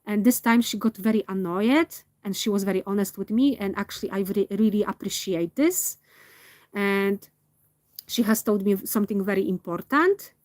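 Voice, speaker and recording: A woman speaking in a reflective personal monologue, earnest and candid, often pausing and restarting as she searches for words. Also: mid-range voice, darkish tone, no echo. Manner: slow, hesitant, searching for words. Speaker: vlogger.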